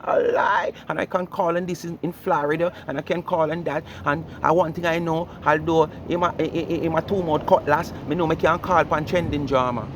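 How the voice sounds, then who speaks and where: A man's voice: fairly high pitch, steady tone, brisk, hardly any pauses, background noise. A Jamaican man explaining his point in casual commentary, lecturing and asking rhetorical questions.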